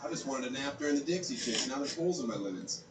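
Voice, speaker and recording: A man doing stand-up, delivering dry deadpan one-liners. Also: medium pitch, quick pace, echoey room, distant mic, over music, low-quality recording. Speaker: stand-up comedian. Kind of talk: stand-up set.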